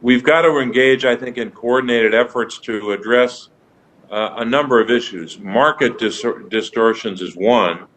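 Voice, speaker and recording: A man, a senator joining remotely, making formal, deliberate remarks to a nominee at a hearing. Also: medium pitch, fairly bright tone, poor audio. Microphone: remote video link.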